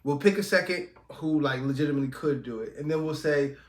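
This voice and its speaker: A man's voice: a little high, quick pace, echoey room. A man co-hosting a podcast, chatting casually about football, rambling, emphatic and laughing often. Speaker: podcast co-host. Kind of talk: casual sports chat.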